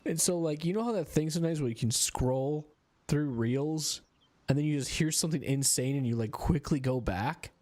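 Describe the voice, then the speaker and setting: Slightly high-pitched with a darkish tone, this weary young streamer talks at a moderate pace. He chats casually over his gameplay, clowning around and voicing the dialogue in silly put-on characters.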